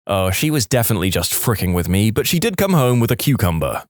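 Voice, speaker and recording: A man's voice: fairly low pitch, fairly quick, few pauses, no room sound, clean studio sound. A man reading internet stories aloud as a podcast narrator, telling them expressively. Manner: expressive storytelling. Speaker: story narrator.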